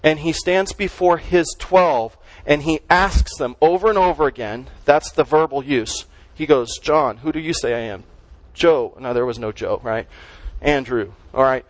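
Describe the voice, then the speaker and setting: Conversational preacher with a high voice. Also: male voice, measured pace, few pauses, no echo, rough recording. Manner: conversational, emphatic preaching with rhetorical questions. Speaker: pastor. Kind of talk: sermon.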